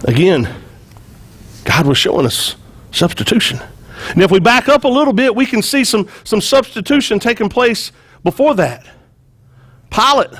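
A man preaching a sermon, retelling a story with lively acted-out quotes and frequent repeated words. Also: high voice, normal speed, pauses often. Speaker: pastor.

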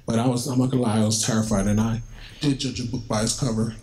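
A man's voice: mid-range voice, steady tone, fast talker, warm tone, low-quality recording. A man speaking as a guest at a school, telling students a personal story in a conversational, vivid way and acting out the dialogue he remembers. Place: school, indoors.

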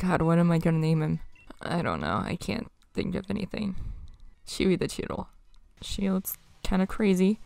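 Young female let's player, lowish gravelly voice, wry offhand commentary. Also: normal speed, darkish tone, soft background music. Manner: chatty, wry running reactions to the game. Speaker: let's play gamer. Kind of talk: casual gameplay commentary.

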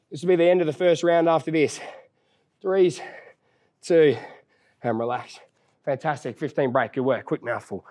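A fairly high-voiced young man coaches a home workout, puffing as he exercises along. He cheers the listener on and counts the reps down in a loose, joking way. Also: darkish tone. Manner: upbeat encouraging, counts reps down, casual banter. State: out of breath while exercising. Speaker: fitness trainer.

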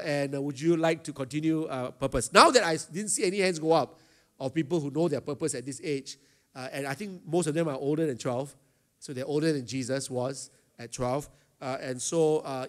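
Pastor teaching teens, slightly high voice. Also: male voice. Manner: talks to a live student audience, asks them questions; frequent hesitation fillers. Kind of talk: teaching a youth chapel talk.

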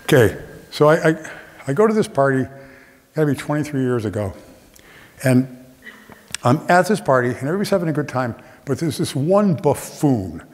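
A man's voice: mid-range voice, normal speed, long pauses, a little hiss or hum. A man telling a humorous personal story on a theater stage, acting out the voices of the people in it. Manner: animated, acts out other people's voices. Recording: long theater reverb.

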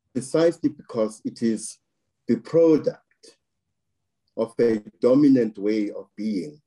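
A man from South Africa giving political commentary in an interview, slow and deliberate, weighing his words with occasional restarts. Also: mid-range voice, dark tone, breathy edge, poor audio. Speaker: political analyst.

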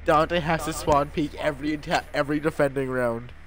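A man chatting casually with friends while playing a game, animated and excitable. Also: on the high side, brisk. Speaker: gamer. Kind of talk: casual gaming chat with friends.

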